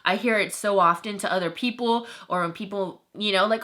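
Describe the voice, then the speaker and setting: A young woman vlogger telling an emotional story in an animated way, filling her talk with "like" and "you know". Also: mid-range voice, brisk.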